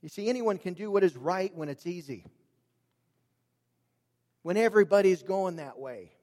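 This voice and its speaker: A man preaching a sermon, earnest and emphatic, dropping his voice low and raising it for emphasis. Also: animated, normal speed, darkish tone. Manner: earnest, emphatic, varies volume for drama. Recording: long reverb of a large hall.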